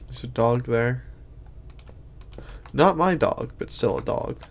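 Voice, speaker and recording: A sleepy man talks through a game stream in an unhurried drawl. His voice is gravelly, and he meanders through half-finished thoughts and restarts. Faint keyboard clicks sit in the background. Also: medium pitch, slight background noise. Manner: rambling, thinking aloud with many restarts. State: sleepy, yawning. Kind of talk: casual gameplay stream commentary.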